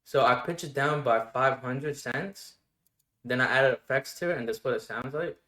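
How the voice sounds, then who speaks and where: A man casually walking through his production steps one by one in a relaxed tutorial, with the odd filler word. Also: medium pitch, normal speed. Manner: relaxed step-by-step explaining with fillers. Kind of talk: casual screen-recorded tutorial. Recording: roomy echo. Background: faint music playing.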